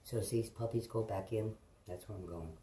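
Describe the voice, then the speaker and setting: A middle-aged woman vlogs from home indoors, holding her phone as she rambles loosely to camera, swears freely and chats with her pets. Her voice is very deep, brisk and mellow. There's slight background noise.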